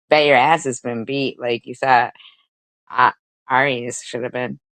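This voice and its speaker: Low-pitched woman, slow, profane, cackling at her own jabs, dry mic. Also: steady tone, a bit bright, no echo. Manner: crude, profane, laughing at own jokes. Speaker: streamer commentator. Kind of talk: mocking reaction commentary.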